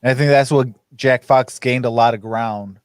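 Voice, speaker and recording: A man hosting a casual sports podcast, talking fast with frequent restarts and laughs. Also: medium pitch, fairly even intonation, clear, resonant tone, dry recording, clean studio sound. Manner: stammers and restarts, laughs often. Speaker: podcast host.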